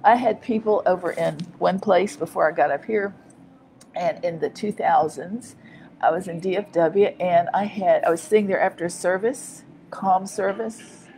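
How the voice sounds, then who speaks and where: A woman's voice: on the low side, moderate pace, darkish tone, a little hiss or hum, rough recording. A middle-aged woman minister giving an informal, rambling teaching monologue, repeating phrases for emphasis. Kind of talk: informal online preaching monologue.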